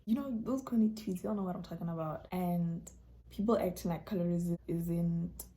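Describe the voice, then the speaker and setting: A young woman vlogger telling stories and answering viewer questions in a casual chat, acting out dialogue with sudden jumps in voice. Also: on the low side. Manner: animated, acts out dialogue with quick voice jumps.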